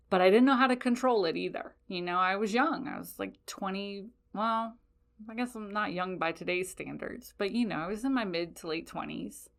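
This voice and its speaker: A woman's voice: lowish voice, gravelly, fairly bright tone. A woman in her forties hosting a podcast, telling a personal story in a blunt, profane, confessional way. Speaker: podcast host.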